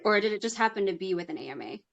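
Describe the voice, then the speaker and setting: A woman's voice: medium pitch, animated, racing, creaky, dull audio. A woman interviewing artists on a casual livestream. She talks in a chatty, self-deprecating way.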